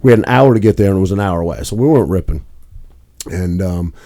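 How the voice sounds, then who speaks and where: A man's voice: deep voice, expressive, quick pace, dark tone. A young man co-hosting a podcast, telling a rambling story in casual chat with plenty of swearing. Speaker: podcast co-host.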